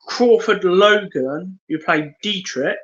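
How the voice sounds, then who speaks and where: A man's voice: high voice, slow pace, fairly bright tone, muffled recording. A man co-hosting a podcast, reading out trivia in a hesitant, casual way. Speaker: podcast co-host. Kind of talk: casual chat.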